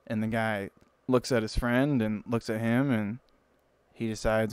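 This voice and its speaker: A man's voice: medium pitch, fairly even intonation, normal speed, darkish tone, smooth, dry recording, poor audio. Rambling young male streamer. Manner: rambling, self-interrupting storyteller. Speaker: livestreamer. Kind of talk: casual joke telling on a live stream.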